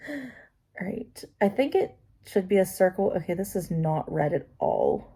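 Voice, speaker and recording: A woman's voice: fairly low pitch, wildly swooping pitch, normal speed, warm tone, slightly rough. A woman vlogging as she does her makeup, chatty and talking to herself with self-deprecating asides. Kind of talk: casual talk while doing makeup.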